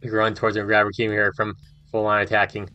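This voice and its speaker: A young man reading a visual novel aloud with animated, swearing reactions as a gaming host. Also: on the low side, fast talker, highs cut off, soft background music.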